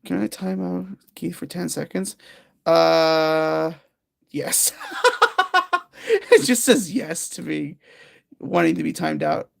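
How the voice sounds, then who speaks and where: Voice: mid-range voice, slow, creaky, long pauses, dry recording, studio quality. A livestream host chatting casually with viewers while doing a jigsaw puzzle, rambling and giggling.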